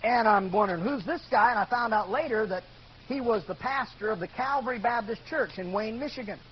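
An older man gives a sermon, recounting his own story in an earnest voice that climbs to loud outbursts. His voice sits notably high for a man. The recording sounds muffled and dull, with a faint hiss underneath. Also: a little fast. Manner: earnest storytelling, rises to shouting when quoting. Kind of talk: sermon testimony.

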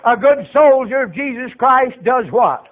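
A man preaching a folksy storytelling sermon, acting out voices and building to shouts. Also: very high-pitched, measured pace. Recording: tinny phone-like radio broadcast.

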